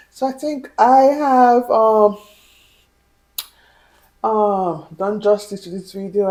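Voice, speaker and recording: A woman giving chatty advice in a vlog, often checking in with the viewer and filling pauses with "um". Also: lowish voice, dark tone, poor audio. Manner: chatty, asks the viewer "right?" and "you know?", fills pauses with "um". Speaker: vlogger.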